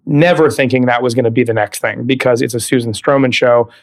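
A man in his thirties, a podcast guest, telling career stories in a lively, animated way. He laughs easily and slips into the voices of the people he quotes, with a mid-range voice. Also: mid-range voice, brisk. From California. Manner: animated storyteller, laughs often, acts out quoted dialogue. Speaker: guest, Broadway actor. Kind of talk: casual interview chat.

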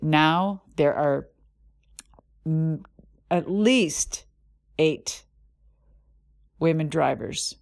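A middle-aged woman hosting a podcast, telling a racing story in a lively, profane way with vocal sound effects. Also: deep voice, vocal fry. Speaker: podcast host and former monster truck driver.

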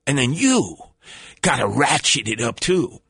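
A middle-aged man hosting a call-in radio show, telling stories in a brash, swaggering way with loud outbursts. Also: medium pitch, very animated, measured pace, vocal fry, husky, no room sound, studio quality. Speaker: radio talk show host. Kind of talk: animated storytelling call-in radio.

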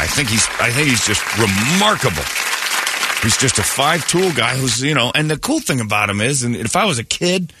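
A man hosting a morning radio show, joking loudly and irreverently with his co-hosts in casual banter. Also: mid-range voice, background noise. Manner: loud, jokey and irreverent, swings into put-on quote voices. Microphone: studio microphone. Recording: dry radio studio.

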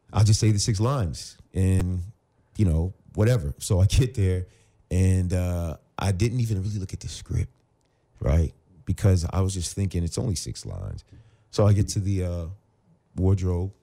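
A man around forty, an actor and former pro football player, telling stories as a podcast guest and acting out both sides of the conversations. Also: low-pitched. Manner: animated storyteller who acts out both sides of conversations. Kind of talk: casual storytelling interview.

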